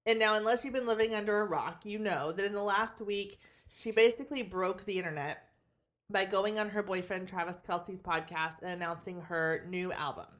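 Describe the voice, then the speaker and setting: A woman in her forties hosting a solo podcast, slightly hoarse from losing her voice, talking in a chatty, candid way with frequent ums, on a backup podcast microphone. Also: medium pitch, steady tone, normal speed, a bit bright. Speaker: podcast host and photography marketing coach. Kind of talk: casual solo podcast talk.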